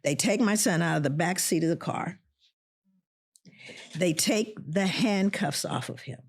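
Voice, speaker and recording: A middle-aged woman, an interview guest, telling a personal story in an animated way and voicing the people in it. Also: fairly low pitch, unhurried, creaky, breathy edge.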